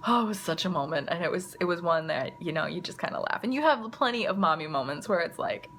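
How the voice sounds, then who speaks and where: A woman's voice: on the low side, animated, fast talker, fairly bright tone, a little hiss or hum. A mother telling a story to camera in a chatty, casual way, full of "like" and "you know.". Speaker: mother and vlogger.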